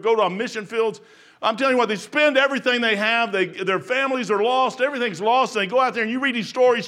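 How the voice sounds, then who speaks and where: An older man preaching a folksy sermon, laughing often and swinging from shouts to hushed asides. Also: very high-pitched. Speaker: pastor. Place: church sanctuary.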